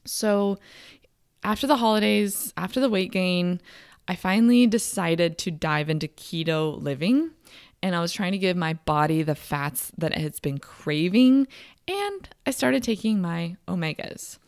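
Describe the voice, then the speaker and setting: A young woman hosts a personal podcast, speaking with open, confiding emotion and frequent halting restarts. Her voice sits a little low for a woman. The recording is close and dry, with no room sound around her. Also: animated, smooth, no room sound. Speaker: podcast host and coach. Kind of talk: candid personal podcast monologue.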